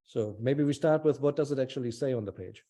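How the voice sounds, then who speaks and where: A man's voice: mid-range voice, fast, dark tone. A man teaching a small language class over a video call, patient and encouraging, thinking aloud with fillers.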